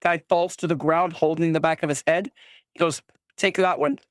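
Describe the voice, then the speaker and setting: A game master narrating a tabletop game in a casual, halting way, with many fillers and quick voices for each character. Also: medium pitch, little pitch movement, smooth, dry recording, clean studio sound.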